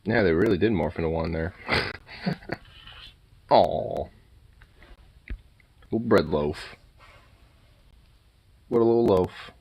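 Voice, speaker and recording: A man talking to his dog in soft, doting baby talk, drawing out his words. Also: sits low, slow pace, long pauses, husky, muffled recording. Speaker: pet owner.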